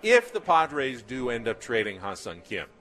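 A man co-hosting a sports talk show, explaining his views in a measured, emphatic way. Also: medium pitch, sing-song, bright, forceful tone. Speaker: sports radio co-host.

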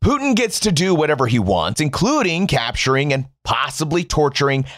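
A man's voice: a little high, big pitch swings, normal speed, a bit bright, dry recording, clean studio sound. Sarcastic American man ranting to camera. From United States. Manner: sarcastic, profane, addresses viewers as "folks". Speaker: political commentator. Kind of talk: sarcastic commentary monologue.

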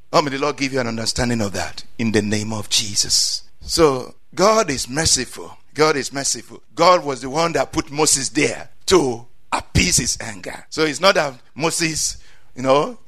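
A male preacher giving a fervent sermon, saying amen often, repeating phrases and rising to loud peaks. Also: medium pitch.

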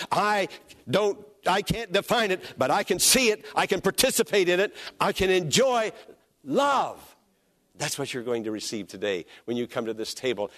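A man preaching a sermon as pastor, emphatic and repetitive, drawing out key phrases and calling on listeners to repeat them. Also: fairly high pitch.

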